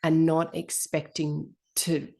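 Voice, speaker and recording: A woman hosting a conversation, speaking in a gentle, reflective way. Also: low-pitched, monotone, slow pace, gravelly. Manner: gentle and reflective, with many soft affirmations.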